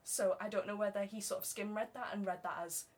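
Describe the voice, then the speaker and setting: A woman's voice: medium pitch, fairly even intonation, fast, a little mellow. A young woman from England with a Southern English accent, a voice actor chatting casually and often laughing. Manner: laughs often, quotes others in put-on voices. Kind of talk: casual chat.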